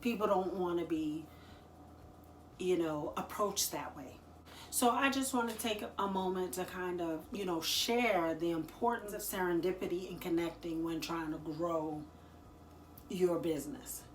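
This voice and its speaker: A woman talking casually to the camera, giving business advice in a chatty, slangy and expressive way, laughing often. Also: lowish voice, unhurried, slight background noise. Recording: echoey room.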